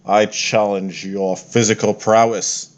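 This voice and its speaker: A man's voice: on the low side, level tone, takes it slowly, slight background noise. A man voicing a pompous, boastful male villain who calls himself a god, declaiming grandly and theatrically in a tabletop game.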